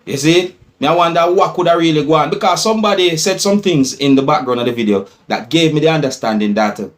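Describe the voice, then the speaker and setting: A man with a Jamaican accent talks through his thoughts in a loose, musing way as a vlogger commenting on a clip. His voice sits a little high for a man, and he keeps tossing in little check-ins with his listeners. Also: fast. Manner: loose, musing, peppered with "you see me" tags. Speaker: vlogger commenting on news clips. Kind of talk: casual commentary.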